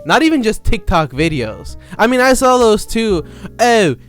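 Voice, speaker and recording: A high-voiced man delivers a sarcastic comedic monologue. He rambles, stops mid-phrase and restarts. Faint music hums underneath. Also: very animated, moderate pace, fairly bright tone. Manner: sarcastic, rambling with self-interruptions. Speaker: commentary creator.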